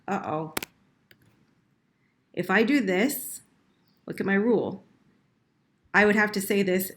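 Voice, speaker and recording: A woman's voice: medium pitch, a little slow, long pauses, slight background noise. A woman teaching French verb conjugation in a screen-recorded lesson, patient and correcting herself as she types. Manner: patient, self-correcting, talks while typing.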